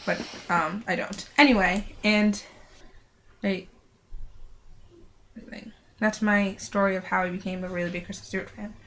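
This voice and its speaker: A teenage girl chatting casually into a home camera, rambling in halting bursts and often trailing off quietly. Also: mid-range voice, gravelly, slight background noise. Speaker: vlogger. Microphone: built-in camera mic.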